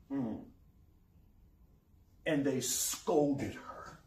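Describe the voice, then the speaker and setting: A man preaching a sermon, lively and full of rhetorical questions, chuckling now and then. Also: high voice, unhurried, pauses often. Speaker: pastor. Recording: roomy echo, mic far off.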